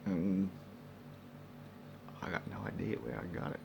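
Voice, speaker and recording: Slow, gravelly Australian man. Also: low voice, animated, a little hiss or hum. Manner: sarcastic, rambling, swears, laughs to himself. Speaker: vlogger. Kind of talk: rambling casual monologue.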